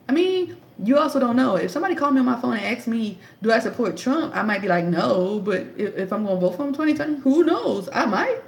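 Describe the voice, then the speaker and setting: A woman's voice: mid-range voice, creaky, a little mellow. A woman in her thirties giving casual political commentary into a tablet, emphatic and sarcastic, firing off rhetorical questions. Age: 30s. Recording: echoey room.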